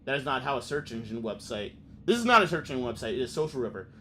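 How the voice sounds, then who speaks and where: A man's voice: mid-range voice, very animated, fast talker, a bit bright, slight background noise. A man streaming a game, chatting loosely with plenty of swearing as he reacts to what he reads on screen. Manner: loose, profane, reacts aloud while reading. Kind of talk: let's play gaming commentary.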